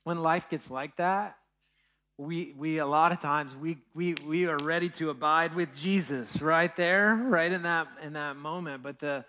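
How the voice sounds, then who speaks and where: A man preaching a relaxed, story-driven sermon as a pastor. His voice sits a bit high and rings bright and forward. He talks like he's chatting with the pews and often checks in with the listeners. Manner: storytelling, with asides to the congregation. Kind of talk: conversational sermon.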